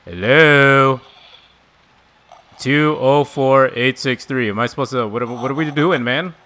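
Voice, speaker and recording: A man's voice: medium pitch, takes it slowly, pushed and bright, slight background noise. A man streaming a horror game live, talking to his chat, swearing often and shrieking when startled. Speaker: gaming streamer. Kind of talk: live gameplay reaction.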